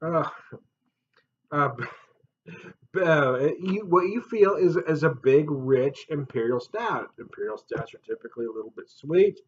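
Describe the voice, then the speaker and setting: A man hosting a casual beer review vlog, chatty and jokey, laughing often and swinging up loud and high. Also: animated, a little slow, husky, lo-fi sound.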